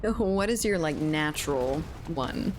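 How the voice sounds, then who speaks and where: Low-voiced Cajun woman streamer. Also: lively intonation, slow, background noise. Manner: rambling, laughing, swears casually. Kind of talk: casual chat while gaming.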